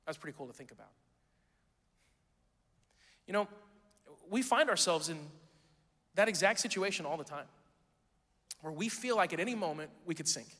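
A man delivers a sermon from a church pulpit, his voice high for a man. He talks casually and teases the congregation, rising loud on key lines and sinking almost to a hush. The sound carries a long hall reverb. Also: a little fast, pauses often. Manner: conversational and joking, swinging from loud to hushed. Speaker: pastor. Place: church sanctuary.

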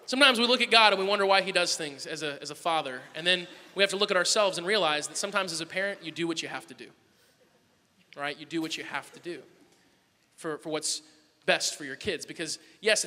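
Man, pastor, sermon storytelling, very bright tone, animated delivery, long hall reverb. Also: high voice. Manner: animated, swings from loud bursts to soft asides.

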